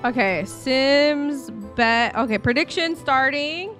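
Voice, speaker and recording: Young female game streamer, slightly high voice, loose rambling chat with viewers, light music bed. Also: moderate pace. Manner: chatty, rambling, reacting aloud to the game. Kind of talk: casual live-stream commentary.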